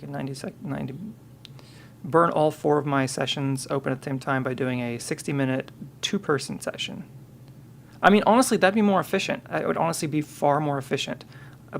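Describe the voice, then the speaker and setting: A man's voice: mid-range voice, vocal fry, a little hiss or hum. A man on a live stream, thinking aloud and muttering to himself, counting and correcting himself as he works.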